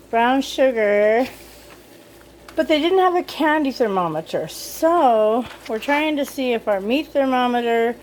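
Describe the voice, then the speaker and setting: Chatty higher-voiced woman cooking at home. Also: a little mellow, a little hiss or hum. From Utah. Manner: chatty, thinking aloud, easily exasperated. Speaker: cooking vlogger. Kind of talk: casual cooking vlog. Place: home kitchen.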